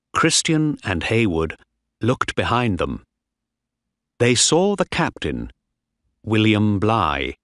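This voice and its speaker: A man reading a story aloud for English learners in clear, deliberate scripted narration. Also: lowish voice, fairly bright tone, no room sound, clean studio sound.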